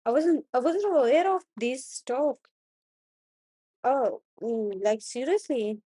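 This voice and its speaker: Young woman, Indian accent, study stream, halting reading, very slow, dry sound. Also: high voice, warm tone, slightly rough, no echo. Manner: halting, stumbling over words and names. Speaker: student streamer. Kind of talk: reading news aloud on a study live stream.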